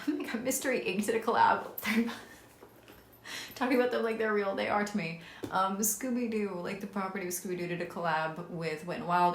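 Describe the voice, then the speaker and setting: A woman's voice: fairly low pitch, a bit bright, roomy sound, slight background noise. A young woman chatting bubbly and casually in her home vlog, full of ums and little laughs. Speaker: vlogger. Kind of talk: casual chat.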